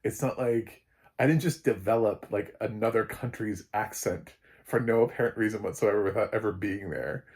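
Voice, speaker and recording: A man with an American accent talks through a film review in a loose, rambling way, full of fillers and false starts. His voice sits a little low. He is blunt and openly sarcastic. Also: normal speed, darkish tone. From United States. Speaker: film critic. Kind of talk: casual spoken film review.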